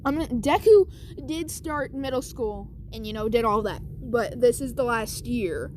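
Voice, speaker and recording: A woman's voice: fairly high pitch, expressive, measured pace, a little mellow, a little hiss or hum. A woman casually retelling a fan story, rambling and correcting herself with many fillers.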